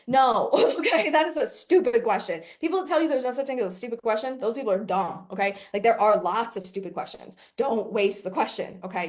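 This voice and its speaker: A woman's voice: mid-range voice, darkish tone. A woman business coach talking casually to her audience, brash and profane, laughing often between points.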